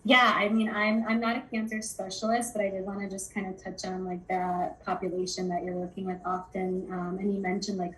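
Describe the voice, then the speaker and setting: A woman guest sharing thoughts on intuitive eating in a relaxed, rambling way, with many fillers. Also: mid-range voice, slight background noise, poor audio. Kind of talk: conversational interview.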